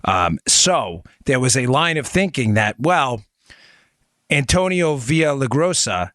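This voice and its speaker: A man hosting a political talk podcast, talking casually and animatedly, with quick asides and sudden raised emphasis. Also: dry recording, clean studio sound. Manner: animated, conversational, swings between low asides and high emphasis. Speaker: podcast host. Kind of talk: political talk show with ad read.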